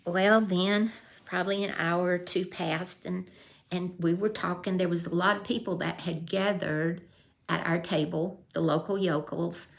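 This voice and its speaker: A woman's voice: lowish voice, fairly even intonation, unhurried, gravelly. An older woman telling a folksy true story in a casual vlog, acting out the voices she quotes. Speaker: vlogger.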